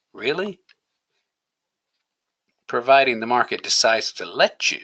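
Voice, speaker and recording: Bright, emphatic male trading coach. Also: mid-range voice, sing-song, unhurried, pauses often, low-quality recording. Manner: emphatic, coaching, rhetorical questions. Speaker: trading educator. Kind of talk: screen-share trading lesson.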